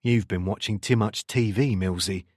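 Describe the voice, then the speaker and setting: A man's voice: fairly low pitch, moderate pace, no room sound, clean studio sound, lightly acted. A man voicing a self-assured, hard-boiled male detective with a London accent in an audiobook. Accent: London English. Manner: calm, reassuring.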